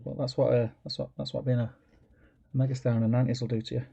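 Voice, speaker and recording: A man's voice: medium pitch, little pitch movement, fast, vocal fry, mellow, breathy edge. A man co-hosting a casual livestream chat, with short dry remarks. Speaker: co-host. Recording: dull lo-fi mic.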